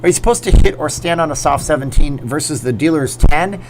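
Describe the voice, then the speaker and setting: A man's voice: fairly high pitch, expressive, brisk, noisy background. A man in his forties hosting a live chat Q&A from a green screen setup, reading viewer comments aloud and riffing on them in a loose, chatty way. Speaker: livestream host.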